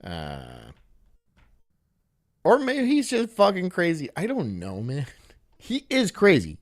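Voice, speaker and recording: A man's voice: fairly high pitch, wildly swooping pitch, slow. A man streaming casually, reading chat and rambling through crude jokes that he often laughs at himself.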